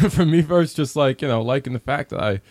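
A man's voice: mid-range voice, brisk, a little mellow, dry recording. A man co-hosting a casual gaming podcast, chatty and enthusiastic. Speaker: podcast co-host.

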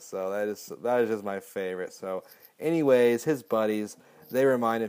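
A man's voice: on the low side, normal speed, darkish tone, smooth. A man casually recapping a movie, rambling and swearing often. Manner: profane, rambling. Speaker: podcast host.

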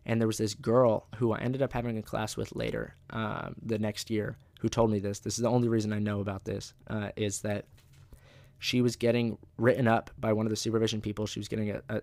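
A man's voice: fairly low pitch, level tone, brisk, vocal fry, darkish tone, dry recording. A young man hosting a podcast, telling rambling, profane stories in a casual monologue and laughing at his own jokes. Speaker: podcast host.

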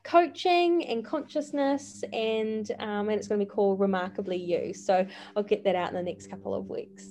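A woman's voice: mid-range voice, flat delivery, brisk, gravelly, dark tone. A woman, a life coach speaking earnestly as a podcast guest, with frequent fillers and restarts. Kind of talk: casual interview chat.

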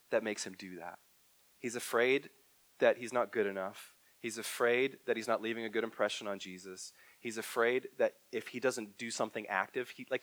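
A man preaching a sermon, swinging from loud emphatic bursts to hushed, near-whispered lines. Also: fairly low pitch, no room sound. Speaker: pastor. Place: church hall.

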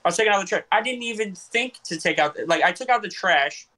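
A man's voice: high voice, expressive, fast talker, sharp tone. A young man hosting a casual podcast chat, rambling and questioning himself with many restarts. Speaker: podcast host and comedian.

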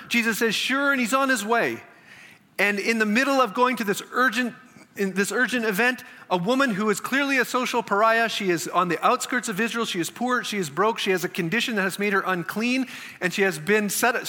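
Bright-voiced man preaching in a hall. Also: high voice. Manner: animated preaching, voicing biblical figures in quick asides. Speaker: pastor. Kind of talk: sermon.

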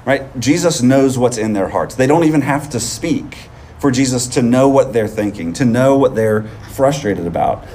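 A man preaching a sermon in a relaxed, conversational way, often checking in with the listeners with a quick "right?". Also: medium pitch, a little hiss or hum. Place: outdoors on a field.

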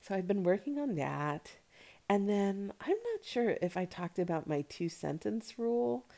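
A woman's voice: medium pitch, expressive, normal speed, gravelly, dark tone. An American woman hosting a solo podcast, chatting casually and rambling with plenty of fillers. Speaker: podcast host.

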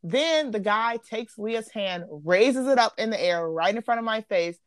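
A young woman hosting a casual podcast, telling a story in a lively, slangy way and acting out what people said. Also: a little high, unhurried, smooth, no echo. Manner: animated, slangy, acts out quotes. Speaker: podcast host.

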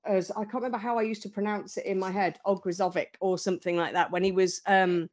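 A woman as a guest, telling stories in an animated, storytelling way. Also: mid-range voice, fast. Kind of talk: casual fan chat.

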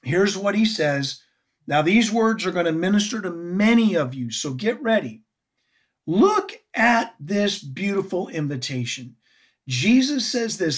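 A woman preaches slowly and deliberately, her voice a little husky. Her pitch rises and falls with feeling as she asks her listeners questions and leans on key words. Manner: earnest, expressive, asks the audience questions. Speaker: Bible teacher. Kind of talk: sermon teaching.

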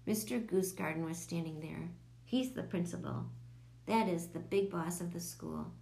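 Woman reading a kids' chapter book aloud, lively and expressive. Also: lowish voice, normal speed, creaky. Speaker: audiobook narrator. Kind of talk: children's audiobook narration.

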